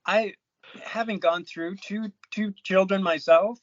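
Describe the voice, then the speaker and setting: A man's voice: sits high, fairly even intonation, measured pace, no echo. A man co-hosting a podcast in casual chat, easygoing with chuckling asides. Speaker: podcast co-host. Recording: dull lo-fi dry sound.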